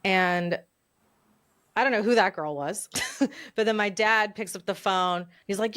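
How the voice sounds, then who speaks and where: Woman host, forties, smooth clear voice, candid and reflective, dry close recording. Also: mid-range voice, a bit bright, no echo. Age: 40s. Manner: candid, reflective, speeds up and slows down. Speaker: podcast host. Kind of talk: personal storytelling in a conversation.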